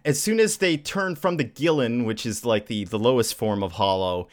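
A man's voice: medium pitch, normal speed. A man hosting a casual podcast chat, recapping a story and laughing often. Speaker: podcast host.

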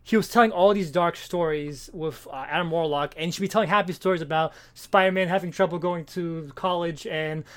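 A man with a notably high voice talks quickly, piling one clause on the next. He recaps a comic story in a loose, rambling way, full of restarts and fillers. It is relaxed, casual chat among friends. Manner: rambling, animated retelling with many fillers and restarts. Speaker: comic book podcast co-host.

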